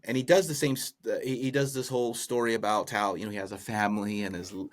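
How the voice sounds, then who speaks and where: A man's voice: lowish voice, steady tone, quick pace, few pauses. A man hosting a podcast, casually retelling a folk tale with amused, rambling asides. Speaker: podcast host. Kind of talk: casual comedic storytelling.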